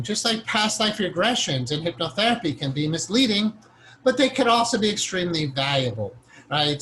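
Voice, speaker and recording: A man leads a meditation lesson in a loose, talky way, doubling back to correct himself mid-sentence. His voice sits a little on the higher side, and there is a faint hiss underneath. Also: a bit bright, low-quality recording. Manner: rambling and conversational, with frequent self-corrections; earnest, chuckles now and then. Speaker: meditation teacher. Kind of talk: informal spoken lecture.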